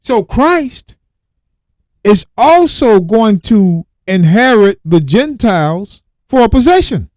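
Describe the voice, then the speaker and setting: A man hosting a Bible radio show, reading verses slowly and then breaking off to exclaim and repeat his points. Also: sits high, very animated, a little mellow, no room sound. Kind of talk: Bible teaching with scripture reading.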